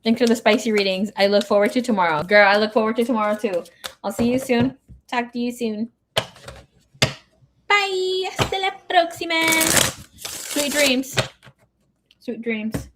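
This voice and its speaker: A woman's voice: a little high, normal speed, noisy background. A woman tarot reader chatting casually on a live stream. She reads viewer comments aloud and drops Spanish words into her English. She sounds emotional and grieving.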